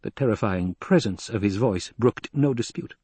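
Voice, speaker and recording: A man narrating an audiobook in a measured, dramatic storytelling manner with a husky voice. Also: on the low side, darkish tone, dry recording.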